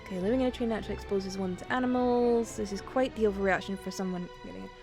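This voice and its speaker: A woman's voice: mid-range voice, rapid-fire, a little mellow. A woman streaming a game, chatting casually, swearing freely and reading dialogue aloud. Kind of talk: casual gaming stream chat. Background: faint game music.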